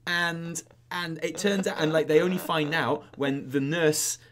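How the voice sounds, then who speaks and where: A man's voice: a little high, steady tone, a little slow, a bit bright. A young man from Britain, co-hosting a casual chat, rambling and self-mocking with lots of fillers. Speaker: YouTube co-host.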